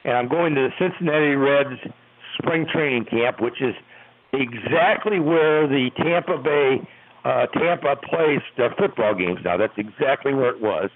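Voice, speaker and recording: Older man, retired umpire, rambling animated storytelling, husky voice, tinny phone line. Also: medium pitch, unhurried, no echo. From United States. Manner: rambling, animated retelling with restarts. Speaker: retired baseball umpire, interview guest. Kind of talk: storytelling in an interview.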